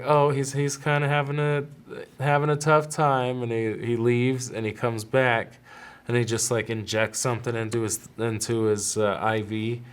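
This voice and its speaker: A man in his thirties, hosting a podcast, who tells a personal story in a loose, rambling way, with restarts and quoted dialogue. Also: lowish voice. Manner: rambling, self-interrupting, with laughs and quoted voices. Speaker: podcast host. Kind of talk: casual storytelling monologue.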